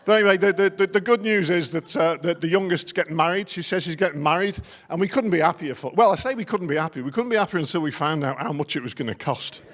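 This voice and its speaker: A man's voice: a little high, fast, few pauses, a bit bright. A middle-aged man doing a stand-up routine as an after-dinner comedian, telling wry, self-deprecating stories. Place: large conference dinner hall. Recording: long reverb of a large hall.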